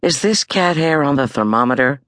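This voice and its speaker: A sensible, patient mom, as a woman narrator does her, calm and mildly doubtful. Her voice sits a bit above the narration, dry and near the mic. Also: deep voice, moderate pace, no room sound. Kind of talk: audiobook character voice.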